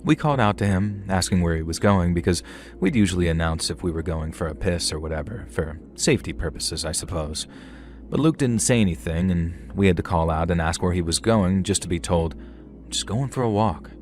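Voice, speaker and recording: A young man narrating a first-person horror story in a measured, conversational way with casual slang. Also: low-pitched, darkish tone. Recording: faint music underneath.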